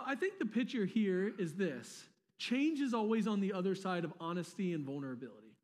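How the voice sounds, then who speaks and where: In a large church hall that lends a long reverb, a pastor preaches a sermon in a high voice with a bright tone. His manner is casual and conversational, with slangy asides and repeated words.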